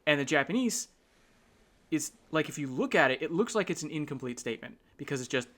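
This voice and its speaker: This male host has a fairly high, bright voice with lively intonation and talks a little fast. He leads a casual explanatory talk, thinking aloud with restarts and fillers and constantly checking in with his listener through tag questions.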